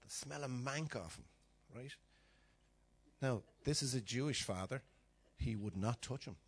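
Preacher guy, husky, acts out the stories, goes quiet and whispery then loud again. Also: mid-range voice, unhurried. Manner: animated storytelling, acting out voices, dropping to whispers. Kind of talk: sermon.

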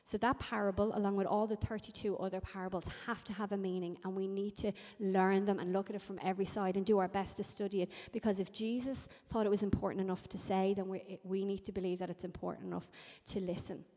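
A woman's voice: mid-range voice, quick pace, hardly any pauses. Woman preaching in a reverberant hall. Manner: conversational, animated storytelling. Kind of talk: sermon.

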